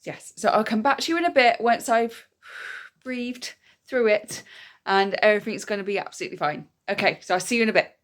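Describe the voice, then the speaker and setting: A woman's voice: medium pitch, a little fast. A young adult woman, candidly chatting to camera in a casual vlog and often repeating herself. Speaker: vlogger.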